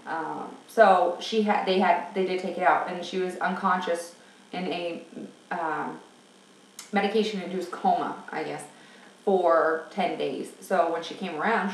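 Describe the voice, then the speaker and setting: A woman talking frankly and at length in a candid personal vlog. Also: lowish voice. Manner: chatty and frank, rambling. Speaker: vlogger. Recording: roomy sound from a distance.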